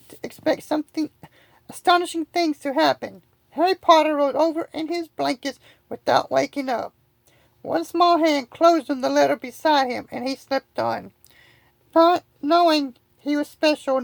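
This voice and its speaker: A woman's voice: high-pitched, gravelly, dry recording, rough recording. A woman reading a storybook aloud as an amateur audiobook, often slipping and restarting words. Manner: reads with frequent slips and restarts. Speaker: reader.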